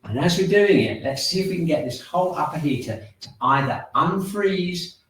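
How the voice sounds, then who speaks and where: Calm man guiding breathing, very echoey. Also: on the high side, moderate pace, a little hiss or hum. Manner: calm, gently instructive, talks through exercises step by step. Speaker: qi gong and shiatsu instructor. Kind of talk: guided movement and breathing class. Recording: very echoey room, mic far off.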